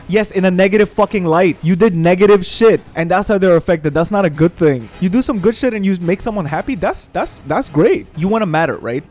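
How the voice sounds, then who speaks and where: A young man commenting on a video game while ranting in a profane, animated way, swearing freely. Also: a little high, brisk, faint music behind. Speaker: gaming streamer. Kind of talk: casual gameplay commentary rant.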